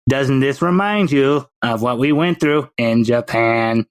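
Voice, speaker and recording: A man voicing a giant talking male Akita dog with a gruff, sardonic manner in a tabletop game. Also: medium pitch, a little slow, lightly acted. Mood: dry.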